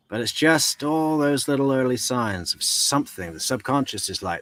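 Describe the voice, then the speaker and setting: A man's voice: medium pitch, expressive, normal speed, hardly any pauses, fairly bright tone. A man commenting on a trial in a casual, sarcastic storytelling way, full of rhetorical questions. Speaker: true crime commentator.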